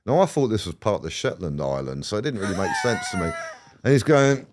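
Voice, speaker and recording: An English man appears as a guest on a podcast for a casual storytelling interview, rambling through stories while swearing and laughing. His voice is on the low side, fast and sing-song, with a darkish tone.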